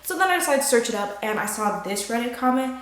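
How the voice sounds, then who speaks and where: A young woman talking through her reactions to a fantasy book in a dramatic, expressive way, swearing freely. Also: a little high, fast. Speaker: book vlogger. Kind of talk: casual reaction vlog. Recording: roomy echo with background music.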